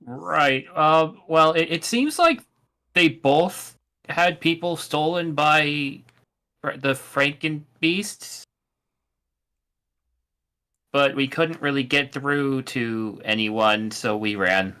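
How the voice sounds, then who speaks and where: A man's voice: fairly high pitch, takes it slowly, bright, forceful tone, clear, resonant tone. A man playing a tabletop game, talking casually with some stammered restarts. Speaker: player.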